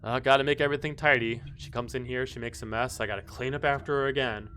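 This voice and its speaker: A man's voice: mid-range voice, steady tone, fast, sharp tone, a little hiss or hum, close to an everyday voice. A man voicing an enraged male butler who grumbles about cleaning up a mess. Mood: irritated. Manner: grumbling complaints.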